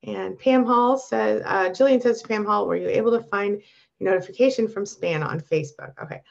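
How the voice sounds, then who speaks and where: A woman coaching abuse survivors on a live stream, reading viewer comments and answering them with warm encouragement. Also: medium pitch, fairly quick, gravelly, muffled recording.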